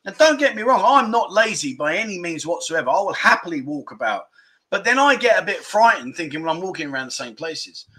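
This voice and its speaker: A man's voice: high-pitched, very animated, fairly quick, fairly bright tone. A man from England hosting a casual livestream, chatting and reading out viewer comments in a rambling, self-deprecating way. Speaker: livestream host. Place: indoors at home.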